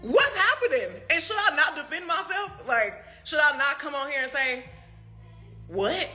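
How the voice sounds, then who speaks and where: A woman's voice: sits high, big pitch swings, measured pace, pushed and bright, soft background music. A woman on a heated social media rant, firing off profane rhetorical questions with laughing asides.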